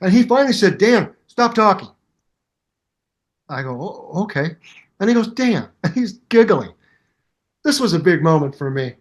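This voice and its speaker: Animated storytelling older man. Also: a little high, a little fast. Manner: acts out both sides of the story in voices, lively. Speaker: guest musician.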